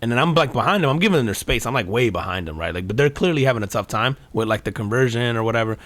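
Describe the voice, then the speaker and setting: Podcast co-host: an animated male storyteller with a lot of laughter, dry studio sound. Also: medium pitch, racing, no echo. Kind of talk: casual chat.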